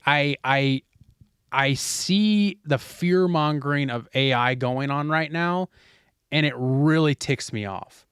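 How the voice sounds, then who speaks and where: Animated young man, opinionated podcast co-host. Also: mid-range voice, smooth, dry recording, clean studio sound. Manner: animated, opinionated, frequent swearing and fillers. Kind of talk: casual chat.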